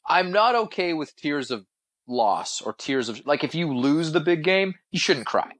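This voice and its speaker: A man's voice: fairly high pitch, lively intonation, a little slow, fairly bright tone. A young man co-hosting a casual podcast, blunt and opinionated, swearing freely. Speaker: podcast co-host.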